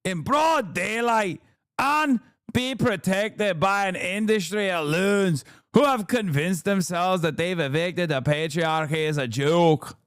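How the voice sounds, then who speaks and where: A man doing a mocking impression of an indignant middle-aged woman pundit, speaking slowly and drawing out every outraged phrase. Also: high voice, fairly bright tone, clean tone, no room sound, clean studio sound. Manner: slow, drawn-out, outraged. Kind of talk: mocking impression during stream.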